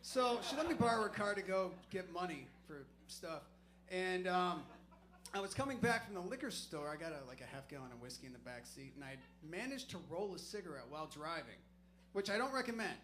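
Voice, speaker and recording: A man's voice: sits high, big pitch swings, a little fast, a bit bright, faint music behind. A man doing stand-up comedy on a club stage, telling a profane, rambling, self-deprecating story.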